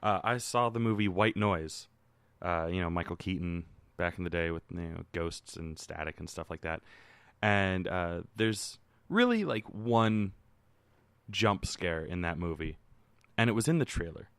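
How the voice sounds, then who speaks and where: A man co-hosting a podcast, telling anecdotes with animated, mock-exasperated energy and plenty of swearing. His voice sits low, and the recording is dry and close. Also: a little slow, clear, resonant tone, no room sound. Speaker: podcast co-host. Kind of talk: casual chat.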